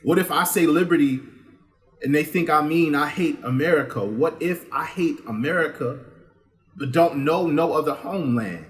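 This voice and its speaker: A man reading his own poems in a rhythmic spoken word style that builds to loud, impassioned lines. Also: a little high. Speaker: poet reading his work.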